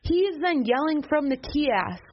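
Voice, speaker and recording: A woman's voice: high-pitched, expressive, measured pace. Chatty woman on lo-fi radio. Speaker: co-host. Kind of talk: casual chat. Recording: dull lo-fi radio audio with faint noise.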